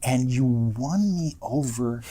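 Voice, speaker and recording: A man's voice: mid-range voice, expressive, dark tone. A man hosting a podcast, listening closely with short affirmations and asking follow-up questions. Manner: attentive listener, quick affirmations and laughs. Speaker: podcast host. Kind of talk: casual podcast interview.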